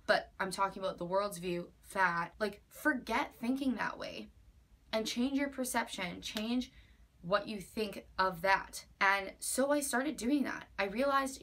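A woman's voice: fairly high pitch, fairly bright tone. A young woman in her twenties talking earnestly in a personal vlog, emphatic and repetitive, at times near tears. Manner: earnest, emphatic, with many likes and repeated phrases. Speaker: vlogger.

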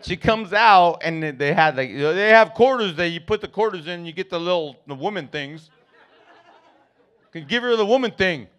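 A man's voice: a little high, expressive, fairly quick, few pauses, fairly bright tone, smooth. A man doing stand-up comedy, telling profane family stories and acting out his relatives. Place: comedy club stage.

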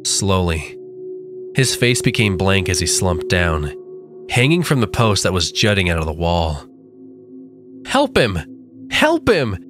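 A man narrating a first-person horror story with a dramatic, drawn-out delivery. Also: deep voice, lively intonation. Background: faint music.

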